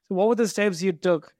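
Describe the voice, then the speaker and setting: A man hosts an interview, asking curious follow-up questions. His voice sits notably high for a man. The recording is dry, with no room sound. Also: a little mellow, breathy edge, no room sound. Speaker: podcast host.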